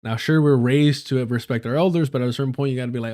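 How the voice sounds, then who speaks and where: A man hosting a live stream, chatting loosely and swearing often. His tone is joking and full of slang, at an ordinary pitch for a man. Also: quick pace, dark tone. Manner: profane, joking, uses a lot of slang. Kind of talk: casual storytelling on a live stream.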